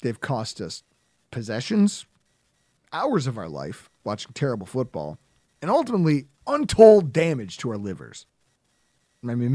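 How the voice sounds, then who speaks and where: A man hosting a casual sports podcast, ranting in an animated, sarcastic, heckling way. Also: a little high, no echo, studio quality. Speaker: podcast host.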